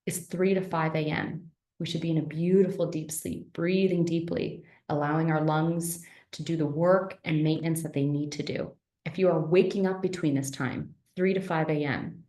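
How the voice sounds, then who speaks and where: Lower-voiced woman teaching in a roomy space. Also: darkish tone. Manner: conversational, asks rhetorical questions, frequent "right?". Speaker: naturopathic teacher. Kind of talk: online health lecture. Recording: roomy echo.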